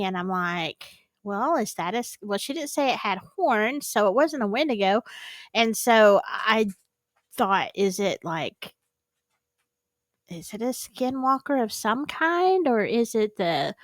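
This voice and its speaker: A woman's voice: fairly high pitch, no room sound. Chatty woman, dry close sound. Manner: chatty and rambling, with many fillers and restarts. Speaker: host. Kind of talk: casual reaction commentary.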